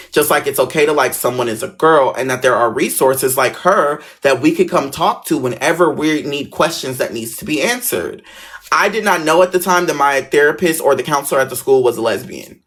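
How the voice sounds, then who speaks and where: Man telling a story with animated voices. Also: mid-range voice. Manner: animated, acts out quoted voices. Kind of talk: casual storytelling.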